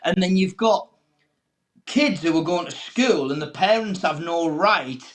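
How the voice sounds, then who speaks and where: A comedian, his voice sitting a little high, tells a story on a panel show. He is animated and acts out the people in it. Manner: animated anecdote teller, acts out quoted voices. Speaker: comedian guest.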